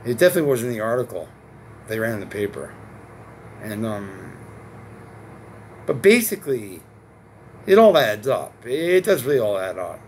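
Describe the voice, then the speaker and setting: A man's voice: on the low side, big pitch swings, normal speed, pauses often, slight background noise. A man in his forties from Connecticut, talking alone to camera in a long rambling monologue, swearing, repeating himself and asking rhetorical questions. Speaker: vlogger.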